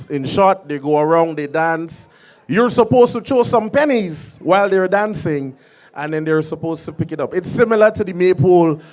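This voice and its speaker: A man emceeing a live carnival parade with a high, bright-edged pitch. He announces each band energetically and keeps the crowd making noise.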